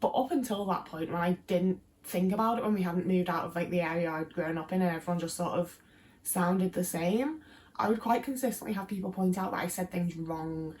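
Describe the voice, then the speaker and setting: Speaking brisk and lowish with a slightly mellow tone, this young YouTuber talks to camera in a rambling, filler-heavy way. Her English accent is Midlands with a touch of Liverpool.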